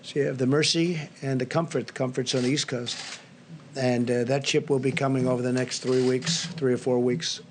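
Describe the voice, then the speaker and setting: A man's voice: medium pitch, little pitch movement, moderate pace, background noise. An older man giving remarks at a press briefing, rambling and repetitive, piling on superlatives. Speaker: briefing speaker at press podium.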